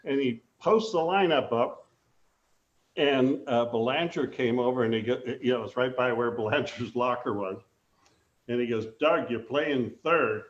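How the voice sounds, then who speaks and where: An older man, a former ballplayer, telling animated stories in a casual interview, acting out the voices he quotes. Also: mid-range voice, normal speed, reverberant, lo-fi sound. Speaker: guest, former baseball player.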